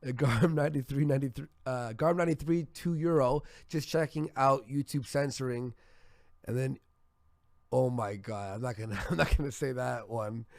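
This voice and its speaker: A man's voice: medium pitch, moderate pace, vocal fry, no echo, clean studio sound. Tired-throated male livestream host. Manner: loose, joking, reads donation messages aloud. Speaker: livestream host reading donations. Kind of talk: casual livestream chat.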